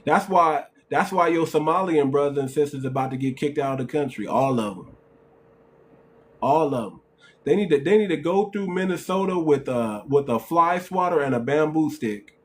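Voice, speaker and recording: A man's voice: on the high side, normal speed, a little hiss or hum. A man hosting a live call-in stream, talking in a mocking, repetitive way and repeating himself often. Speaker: host.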